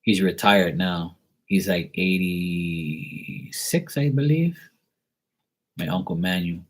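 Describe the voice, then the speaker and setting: On a live stream, a tarot reader from Bermuda talks with viewers in a low-pitched, slow voice. He rambles casually and jokes while telling stories.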